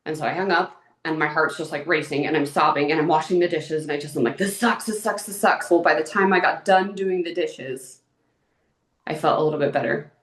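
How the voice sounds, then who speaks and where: A woman in her thirties with a low voice, speaking as an interview guest. She talks openly and emotionally, with lots of "like"s. The room around her is echoey. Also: a little fast. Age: 30s. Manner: open and emotional, chatty with many "like"s. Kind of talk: candid personal interview.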